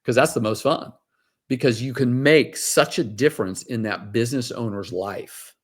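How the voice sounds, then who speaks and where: A man's voice: medium pitch, normal speed. A man, a financial advisor, talking casually as an interview guest and telling stories with many fillers and restarts.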